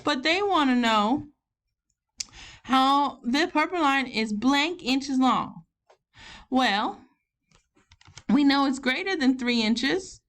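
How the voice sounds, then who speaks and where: A woman's voice: sits high, fairly bright tone, full character voice. A woman with a Southern US accent, playing a chatty grandmother who fills in as teacher, talking students through a math lesson step by step. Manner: folksy, encouraging, talks students through each step.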